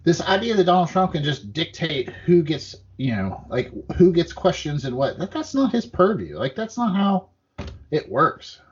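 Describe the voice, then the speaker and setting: A man's voice: a little high, big pitch swings, moderate pace, highs cut off. Profane, rambling male podcast co-host. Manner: profane, rambling, acts out quotes. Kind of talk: casual political chat.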